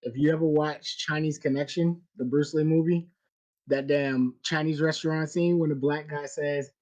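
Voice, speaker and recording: A man's voice: fairly high pitch, steady tone, normal speed, a little mellow. A man co-hosting a podcast, tossing in profane remarks in casual chat. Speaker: podcast co-host.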